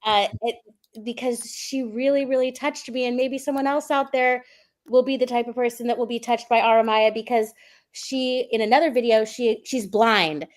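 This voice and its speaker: A woman's voice: fairly high pitch, steady tone, moderate pace. A woman co-hosting an online show in a casual, bubbly way, talking over a call. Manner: bubbly and chatty, acts out animal sounds. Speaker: co-host.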